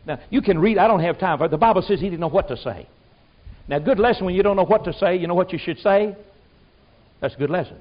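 Preacher man, fairly high voice, folksy and emphatic sermon delivery, muffled recording. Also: expressive, quick pace. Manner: folksy, emphatic, swings from loud exclamations to low asides.

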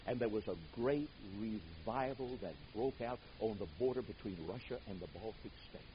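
An older man preaching a sermon, telling stories dramatically, booming out some words and dropping others to a hush. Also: muffled recording, a little hiss or hum. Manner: dramatic storytelling, swings from booming to hushed.

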